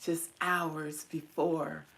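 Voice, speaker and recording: A middle-aged woman tells personal memories straight to her viewers, calling them y'all. Her voice sits low with a gravelly fry, tender and at times teary-eyed. A faint hum of room noise runs underneath. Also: level tone, drawn-out words, a bit bright, poor audio. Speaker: vlogger.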